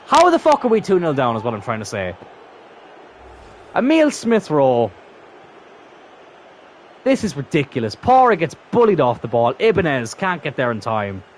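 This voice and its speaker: A man's voice: on the low side, slight background noise. Exasperated man swearing at a game. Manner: swears constantly, exasperated outbursts then muttering. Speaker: gaming channel host. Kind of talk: live gameplay commentary.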